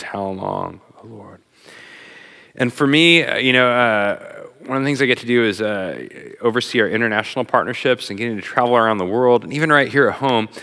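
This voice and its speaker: A middle-aged man preaching a sermon as a pastor, talking in an animated, conversational way with plenty of fillers. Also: mid-range voice. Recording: long hall reverb.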